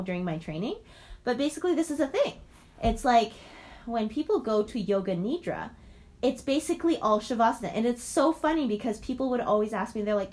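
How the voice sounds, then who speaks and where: A woman's voice: mid-range voice, a little mellow. A woman yoga teacher chatting enthusiastically in a casual vlog, talking while she moves through yoga poses. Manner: chatty, enthusiastic, rambling with many fillers.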